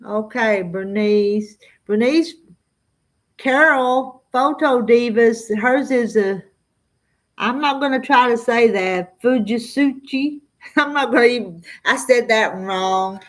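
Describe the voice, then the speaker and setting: A middle-aged woman with a Southern drawl, chatting casually with viewers on a live stream and reading out their comments. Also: fairly high pitch. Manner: slow drawling, chatty, often laughs. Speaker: farm vlogger answering live chat.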